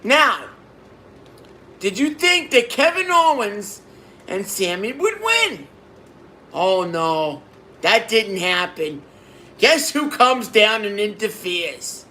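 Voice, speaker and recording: Excitable high-voiced man reviewing. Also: takes it slowly. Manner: excitable, repeats himself, bursts into exclamations. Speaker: wrestling show reviewer. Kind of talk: casual video review.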